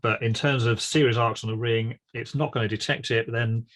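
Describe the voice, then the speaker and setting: Methodical male guest, calm, mid-pitched explainer. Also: fairly quick, a little hiss or hum. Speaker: guest electrician. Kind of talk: casual technical explanation.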